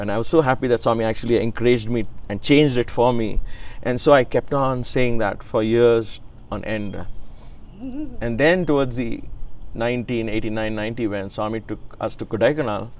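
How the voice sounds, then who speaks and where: A man in his sixties, an interviewee, telling a reverent personal story in an earnest way. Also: mid-range voice. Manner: earnest, reverent, frequent restarts and soft laughs. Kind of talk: reflective storytelling.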